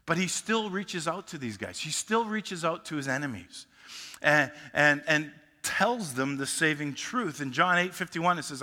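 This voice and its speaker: A man's voice: a little high, expressive, a little slow, bright, forceful tone, in a large hall. A male pastor preaching a sermon emphatically, often restarting his sentences mid-thought.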